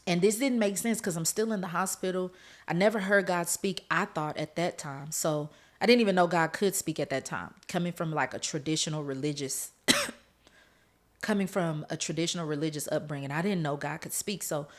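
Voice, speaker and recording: A woman's voice: on the low side, normal speed. A woman hosting a podcast, telling her personal testimony with strong emotion and talking straight to her listeners. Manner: laughs through tense parts of the story. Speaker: podcast host.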